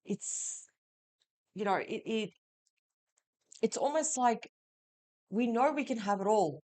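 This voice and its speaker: Speaking slowly in a somewhat high, darkish voice with animated delivery, a woman gives her weekly tarot reading. She talks right to the listener, offering reassurance.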